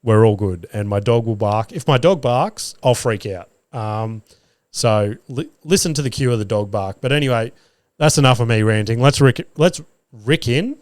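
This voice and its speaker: This Australian man, a comedian and podcast host, delivers casual stories in monologue form, cursing liberally and re-enacting what he said. His mid-range voice moves at normal speed, and no room sound is heard.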